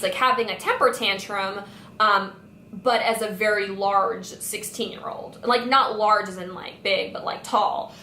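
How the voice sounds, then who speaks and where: A young woman vlogger telling a storytime tale with lots of "like" fillers. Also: medium pitch. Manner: animated retelling full of "like" fillers. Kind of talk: storytime vlog. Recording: echoey room with faint noise.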